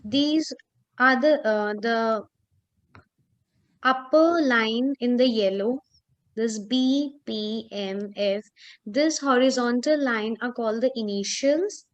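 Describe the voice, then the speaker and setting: Slow-speaking woman tutoring Chinese. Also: on the high side, muffled recording. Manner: slow, explanatory, with pauses and fillers. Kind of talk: online language lesson.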